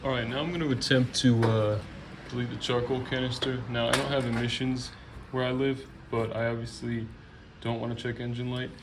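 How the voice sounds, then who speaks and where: Gravelly-voiced man explaining car work. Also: mid-range voice, brisk, noisy background. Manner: relaxed, chatty, explaining step by step. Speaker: car restoration hobbyist vlogger. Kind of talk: casual how-to narration while working on a car.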